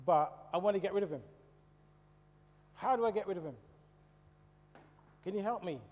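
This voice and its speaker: Man from the West Indies telling his story to a congregation in a chatty way; warm, somewhat high voice in a hall with long reverb. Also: lively intonation, normal speed. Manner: conversational, asks the audience questions. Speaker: church speaker. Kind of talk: testimony talk to a congregation. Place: church hall.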